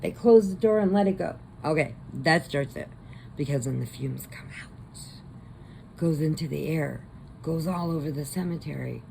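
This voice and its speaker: Gravelly low-voiced woman rambling through a story. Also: darkish tone, slight background noise, low-quality recording. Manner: rambling, with quick put-on voices. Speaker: crochet channel host. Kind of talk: casual movie retelling.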